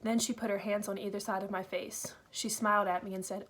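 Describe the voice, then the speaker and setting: A woman reading a first-person novel aloud, in an earnest, steady storytelling manner. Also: medium pitch, brisk. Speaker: audiobook reader.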